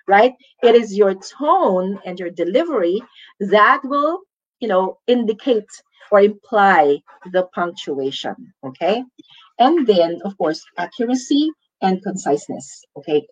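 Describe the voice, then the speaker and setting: A woman's voice: medium pitch, muffled recording. A woman with a Filipino accent giving a lecture as a teacher, checking in often with "okay?" and "right?". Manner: ends points with tag questions like "okay?". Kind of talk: lecture on communication skills.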